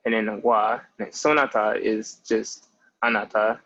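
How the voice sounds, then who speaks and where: A man's voice: on the low side, steady tone, a little slow, a bit bright, muffled recording. A young man in his twenties giving a patient, casual language lesson with many "like" fillers. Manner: patient, explanatory, with frequent "like" fillers. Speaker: language teacher.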